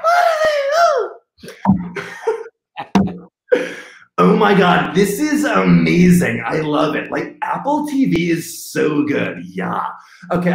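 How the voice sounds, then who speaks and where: A man's voice: high-pitched, gravelly, slight background noise, heavily acted. A man doing a gushing, squealing celebrity. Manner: breathless, gushing, squealing outbursts. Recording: roomy echo.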